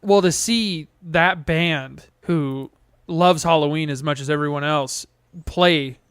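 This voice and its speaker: A man's voice: a little high, slow, a bit bright, clean tone, no echo, clean studio sound. A man co-hosting a podcast, talking animatedly with crude jokes and laughter. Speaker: podcast co-host. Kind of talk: casual chat.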